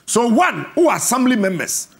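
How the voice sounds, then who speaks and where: A Ghanaian man hosting a live interview, forceful and combative, cutting in and repeating himself with sing-song emphasis. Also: extremely high pitch, sing-song, normal speed, gravelly. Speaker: radio and TV host.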